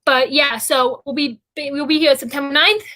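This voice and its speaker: Brief: young woman host, high bright voice, rambling casual stream chat. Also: steady tone, normal speed, low-quality recording. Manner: rambling, chatty, goes off on tangents.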